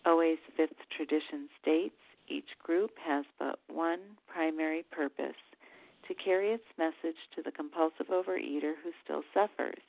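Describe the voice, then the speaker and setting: A woman chairing a meeting, reading its preamble aloud in a measured, formal way. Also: low-pitched, steady tone, gravelly, no room sound. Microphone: phone call. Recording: tinny phone line.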